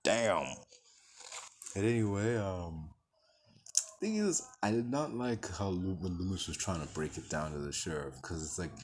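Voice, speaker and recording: A man's voice: low voice, measured pace, a little hiss or hum. A man giving a casual, profane movie review, ranting in an exasperated way and acting out what the characters say. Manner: animated, profane, exasperated rant with acted-out quotes.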